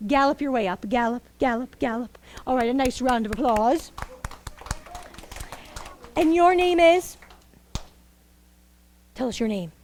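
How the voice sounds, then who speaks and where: Animated woman storyteller coaxing an audience. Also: high-pitched, a little slow, pauses often, slight background noise. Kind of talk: live interactive storytelling for children.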